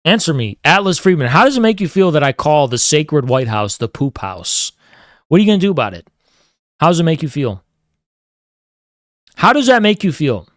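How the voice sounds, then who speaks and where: A man's voice: fairly high pitch, big pitch swings, moderate pace, long pauses, dry recording, studio quality. A man hosting a livestream, ranting casually with heavy swearing and mock-grandiose taunts. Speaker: livestream host. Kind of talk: casual streaming rant.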